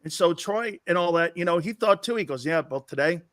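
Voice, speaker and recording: High-voiced excitable male sports host. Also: brisk, no echo. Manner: loud, excitable, tells stories with bursts of emphasis. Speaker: host and former player. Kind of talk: animated storytelling interview.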